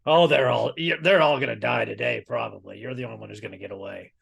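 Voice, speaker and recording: A man playing a blunt adventurer in a tabletop game, speaking gruffly and offhandedly. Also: mid-range voice, fast, a bit bright, highs cut off, heavily acted. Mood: offhand. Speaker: player.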